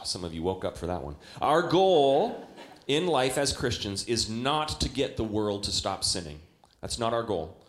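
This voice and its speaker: A young adult man preaching a sermon in a church, talking conversationally with many rhetorical questions and animated quoted voices. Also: lowish voice, echoey room. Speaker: pastor. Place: church hall.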